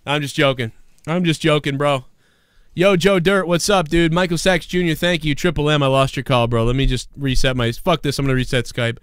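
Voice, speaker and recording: Profane, excitable male stream host. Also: fairly high pitch, fairly quick, clear, resonant tone, no room sound, clean studio sound. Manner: profane, excitable, shouts mock screams. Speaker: livestream show host. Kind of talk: casual live-stream chat.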